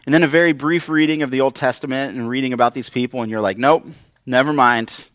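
A man's voice: mid-range voice, fairly even intonation, very fast, fairly bright tone, no echo, clean studio sound. A man preaching a conversational sermon, acting out quoted voices with wry humor. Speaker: pastor. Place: church.

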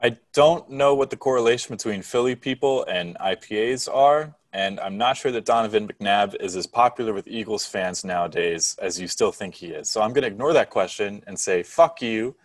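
Deep-voiced man arguing, off-mic. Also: fairly quick, hardly any pauses, no room sound, far from the mic. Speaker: podcast co-host. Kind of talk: casual banter.

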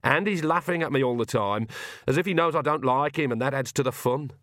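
A man's voice: mid-range voice, brisk, fairly bright tone, dry recording, clean studio sound, pitched above the performer's own voice, natural voice. A man voicing a sullen, reluctant young witch in a complaining tone.

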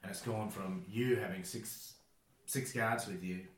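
Low-voiced man chatting frankly. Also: fairly even intonation. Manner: fast, frank, profane. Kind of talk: casual chat. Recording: roomy echo with faint hum.

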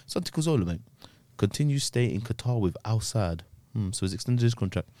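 A man's voice: fairly low pitch, expressive, dark tone, no room sound. A young man hosting a casual football podcast, bantering with slang. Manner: fast banter with slang and laughs. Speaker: podcast host.

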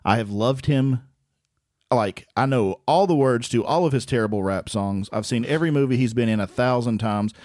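A man's voice: medium pitch, moderate pace, a little mellow, dry recording, studio quality. A man co-hosting a comedy podcast, talking in casual profane banter, teasing and sarcastic. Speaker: podcast co-host.

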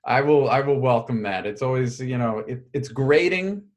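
A man's voice: medium pitch, animated, moderate pace. A man co-hosting a podcast in casual, easygoing chat, laughing now and then. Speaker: podcast co-host.

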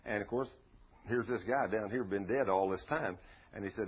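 A man's voice: on the low side, moderate pace, husky, lo-fi sound. A man preaching a sermon, telling stories in a folksy way with rhetorical questions.

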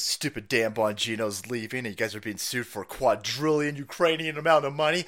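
A man's voice: medium pitch, steady tone, fairly quick. A man hosting a political livestream, ranting loosely and profanely with a rowdy, mocking delivery. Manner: rowdy and mocking, with sudden shouts and mock voices.

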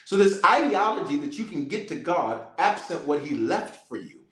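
Guy preaching and praying, kinda high voice, says stuff over and over in a rhythm, slangy bits, roomy echo. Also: very animated, normal speed, a bit bright. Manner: repetitive, rhythmic declarations; casual, colloquial asides. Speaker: bishop. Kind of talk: teaching and leading prayer.

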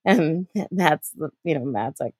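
A young woman with a lower voice talks in relaxed, wry casual chat. The sound is dry and close, with no room echo. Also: slow pace.

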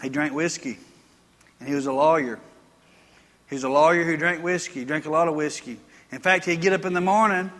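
A man's voice: on the high side, brisk, a bit bright. A man preaching a sermon, telling folksy stories and building to emphatic points. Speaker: pastor. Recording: long reverb of a church hall.

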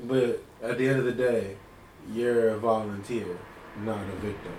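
A man co-hosting a casual podcast, joking loudly and repeating himself. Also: lowish voice, steady tone, moderate pace. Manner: loud joking, repeats words. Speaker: podcast co-host. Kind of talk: casual banter. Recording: echoey room with faint noise.

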